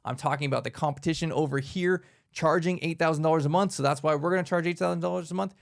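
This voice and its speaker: A man giving an energetic, conversational workshop talk, emphatic and upbeat as he presents to a group. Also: on the high side, fast talker, vocal fry. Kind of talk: casual instructional talk.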